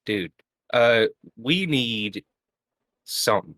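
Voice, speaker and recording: A man's voice: fairly low pitch, normal speed, pushed and bright. A man playing a tabletop fantasy game over a voice call, joking around in character. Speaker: player. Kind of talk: casual tabletop game play.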